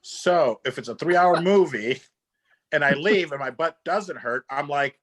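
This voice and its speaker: A man's voice: on the high side, lively intonation, unhurried, fairly bright tone. A man co-hosting a casual talk show, telling jokey, self-deprecating anecdotes.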